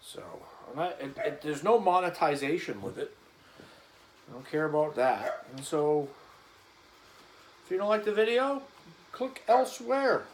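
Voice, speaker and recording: A man's voice: on the high side, expressive, unhurried, long pauses, a little hiss or hum, low-quality recording. A man vlogging casually as he cleans a gun, rambling and joking in an offhand way.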